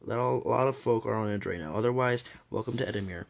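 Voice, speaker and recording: A man's voice: fairly low pitch, quick pace, gravelly. A man voicing every part of a fan audio drama himself, with a plain, conversational delivery. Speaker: solo voice actor reading all parts.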